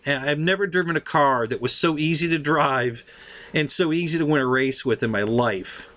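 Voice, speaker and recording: Bright-voiced man telling a story. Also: mid-range voice, brisk. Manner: laughs often, swears casually, acts out quotes. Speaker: show host telling a story. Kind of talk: casual storytelling.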